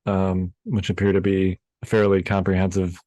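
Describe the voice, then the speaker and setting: A man's voice: deep voice, completely flat delivery, normal speed, mellow, no room sound. A man co-hosting a podcast in casual chat, easygoing and steering the conversation. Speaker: podcast co-host.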